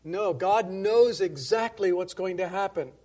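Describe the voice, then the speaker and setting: A man with a fairly high voice leads a Bible-study sermon. He talks in a loose, conversational way, often restarting his sentences and asking the congregation questions. When he reads old scripture aloud, he slows down and leans on the words. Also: a little mellow. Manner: reads King James scripture slowly and emphatically. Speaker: preacher.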